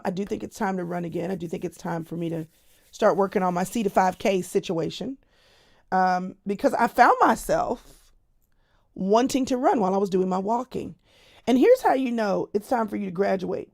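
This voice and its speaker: A woman's voice: medium pitch, gravelly, a little mellow. A middle-aged woman speaking as a Christian speaker, chatting casually to camera and telling stories straight to her audience. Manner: chatty storytelling that talks straight to the audience as "y'all". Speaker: Christian speaker sharing a personal update.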